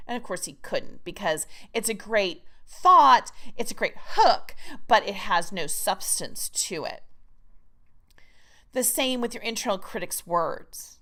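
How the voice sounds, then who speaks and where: A woman's voice: on the low side, fairly bright tone. A woman teaching a recorded writing course in an emphatic, chatty manner. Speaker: writing coach.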